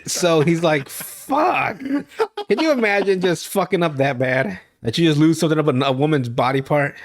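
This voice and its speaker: At normal speed, a young man with a fairly high, animated voice recaps a TV episode on his podcast. His rambling, swear-laden account is punctuated by loud laughter at his own story.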